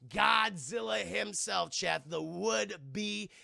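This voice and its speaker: A man streams a casual film recap, swearing freely and excitedly addressing his chat as he retells each scene. His voice sits high and carries heavy gravel. The sound is dry and close. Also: very slow, no echo.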